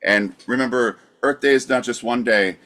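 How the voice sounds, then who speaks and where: A man co-hosting a podcast, calmly wrapping up segments and reading out sources. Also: medium pitch, normal speed. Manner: dry, wraps up segments. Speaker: podcast co-host. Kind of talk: casual podcast banter.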